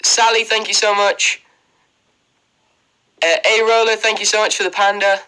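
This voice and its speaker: A man's voice: high voice, level tone, moderate pace, bright, forceful tone, smooth, rough recording. A young Irish man chatting casually on a phone livestream from his bedroom, rambling with fillers as he thanks viewers one by one. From Ireland. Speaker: livestream host. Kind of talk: casual livestream chat reading comments. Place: bedroom indoors. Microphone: phone held close.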